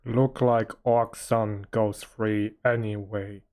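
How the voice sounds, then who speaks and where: A man playing a blunt, low-voiced orc. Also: level tone, slow, a little mellow. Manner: broken, clipped speech. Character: blunt male orc warrior, short-spoken.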